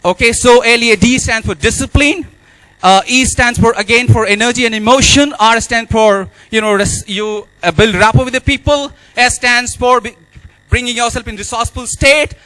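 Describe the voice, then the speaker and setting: A man's voice: very high voice, steady tone, normal speed, pushed and bright, no room sound, poor audio. A man giving a motivational speech, emphatic and repeating key phrases. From India. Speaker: speaker at an awards event.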